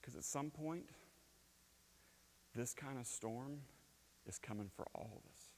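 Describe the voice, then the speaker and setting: A man in his thirties preaching a sermon in a church, telling stories with lively swings from loud bursts to hushed lines. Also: medium pitch, unhurried, slight background noise. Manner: animated storytelling, shouting quoted lines, dropping to quiet. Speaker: pastor. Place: church sanctuary. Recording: long hall reverb.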